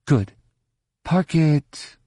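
A man voicing a brisk, commanding middle-aged woman leader in an audiobook. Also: fairly high pitch, animated, warm tone, no echo, studio quality, pitched above the performer's own voice, exaggerated voice. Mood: urgent, commanding.

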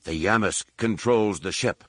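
A man reads as an alien woman explaining things in a plain, matter-of-fact way. His voice stays low and dry. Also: slow pace, no echo.

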